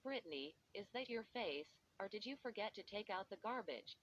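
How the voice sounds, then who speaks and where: A nasty little dummy with a shrill rasp trades insults in a storybook reading, put on by a woman narrator. The recording is muffled and lo-fi, with a soft hiss under it. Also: expressive, normal speed, close to an everyday voice. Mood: taunting. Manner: taunting, insulting. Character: rude male ventriloquist dummy, shrill and raspy. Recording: dull lo-fi with faint hiss.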